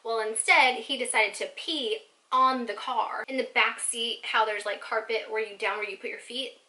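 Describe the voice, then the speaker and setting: A woman's voice: a little high, fairly even intonation, normal speed, bright, forceful tone. A woman vlogger telling a personal story in a chatty storytime style, filling her sentences with casual fillers.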